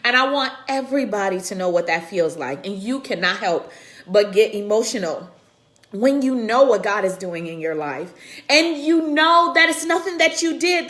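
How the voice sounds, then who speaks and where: A woman's voice: on the high side, fairly bright tone. Earnest preacherly woman on a live stream. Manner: earnest, preacherly, greets viewers by name. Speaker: women's conference host and speaker. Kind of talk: live-streamed faith talk to viewers. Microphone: computer camera mic.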